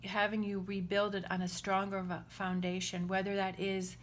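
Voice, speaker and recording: A woman's voice: mid-range voice, monotone, normal speed, slight background noise. A woman giving a casual spoken tarot reading, earnest and reassuring, often checking in with the listener. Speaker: tarot reader.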